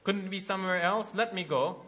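A man's voice: sits high, fairly quick, bright, forceful tone. A male lecturer voicing a young son who begs his father for mercy. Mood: pleading. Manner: pleading.

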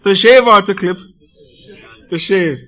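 Forceful high-voiced male preacher. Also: a little slow, lo-fi sound. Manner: animated, rhetorical questions, acts out quotes. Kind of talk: sermon to a congregation.

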